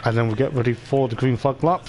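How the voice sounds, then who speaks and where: A man's voice: medium pitch, fast, a little mellow. A man giving chatty, meandering live commentary on an online racing league event. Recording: clear racing game engine noise behind the voice. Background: race car engine sounds from the game.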